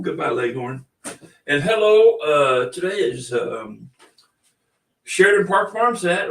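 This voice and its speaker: A man's voice: a little high, far from the mic. A middle-aged man hosting a podcast in a folksy, rambling, chatty way. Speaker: podcast host. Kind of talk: casual podcast monologue. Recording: echoey room, off-mic.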